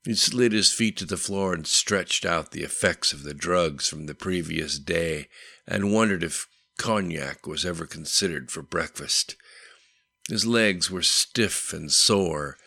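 A man narrates a novel with a steady, unhurried delivery. His voice sits very low with a gravelly edge and a bright, crisp tone, and it is recorded dry and close to the mic. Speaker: audiobook narrator. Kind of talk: scripted narration. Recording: dry close-miked studio voice.

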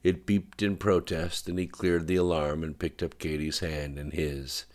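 Man, very deep voice, steady audiobook narration, understated. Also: measured pace. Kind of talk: scripted narration.

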